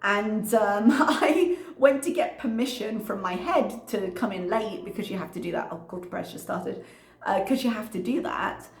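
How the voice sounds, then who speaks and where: Woman, young adult, casual vlog chat, animated, frequent laughter, echoey room. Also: medium pitch, moderate pace. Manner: chatty and animated, laughing often, quoting others. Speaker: vlogger.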